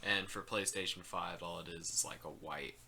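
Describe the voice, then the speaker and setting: A man's voice: low-pitched, fairly even intonation, moderate pace, vocal fry, sharp tone, a little hiss or hum. A man co-hosting a casual gaming podcast, hedging and trailing off into "like" and "I don't know.". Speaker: podcast co-host.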